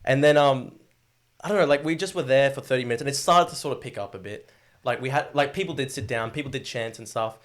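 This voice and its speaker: Fast-talking Australian man. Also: medium pitch. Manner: rambling, heavy on fillers and swearing. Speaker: guest. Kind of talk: casual storytelling interview.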